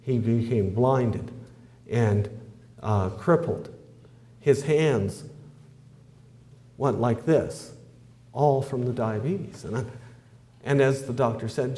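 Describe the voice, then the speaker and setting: A man's voice: medium pitch, slow, pauses often, dark tone. A man giving a testimony in homespun, conversational storytelling with an easygoing flow. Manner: homespun, conversational, with fillers and "I says". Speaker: testimony speaker.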